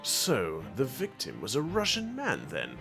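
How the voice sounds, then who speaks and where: A man voicing a pompous British gentleman detective in a put-on British accent, speaking grandly and theatrically. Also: mid-range voice, wildly swooping pitch, unhurried, gravelly, loud music behind the voice, exaggerated voice. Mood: musing.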